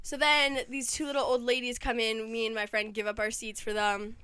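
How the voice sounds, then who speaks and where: On a laid-back podcast, a young woman in college spins a lengthy tale, saying "like" constantly as she goes. She speaks briskly in a slightly high voice. Background noise can be heard.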